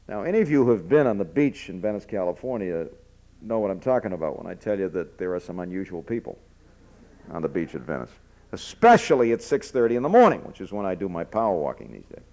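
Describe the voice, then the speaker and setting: Gravelly-voiced older man telling stories. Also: deep voice, dark tone. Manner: folksy storytelling with frequent fillers and restarts. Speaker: speaker addressing students. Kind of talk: informal speech with anecdotes. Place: speaking from a platform to an audience.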